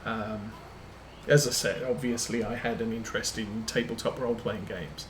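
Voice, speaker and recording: A man's voice: lowish voice, steady tone, moderate pace, slight background noise. A man streaming a farming game, telling rambling anecdotes full of ums as he plays. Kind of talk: casual chat while playing a farming game. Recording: roomy echo.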